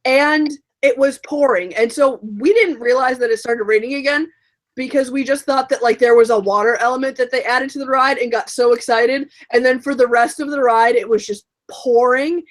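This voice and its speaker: Lively woman telling a story. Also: sits high, normal speed. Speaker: podcast guest. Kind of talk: casual chat, telling a story.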